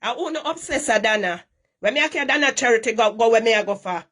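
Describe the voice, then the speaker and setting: A woman's voice: a little high, expressive, quick pace, a bit bright. A middle-aged Jamaican woman scolding at length on a live stream, repeating herself in heavy Patois.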